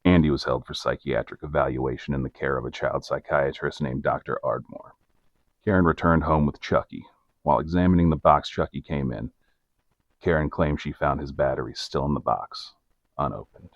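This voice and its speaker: A man co-hosting a podcast, narrating a case in a deadpan, measured true-crime style with a very deep, gravelly voice. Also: dry recording, highs cut off.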